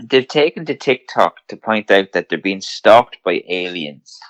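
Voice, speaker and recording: A man's voice: sits low, measured pace. A man co-hosting a casual podcast chat, laughing often as he relays news stories. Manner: laughs often, relaxed telling of news items. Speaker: podcast co-host.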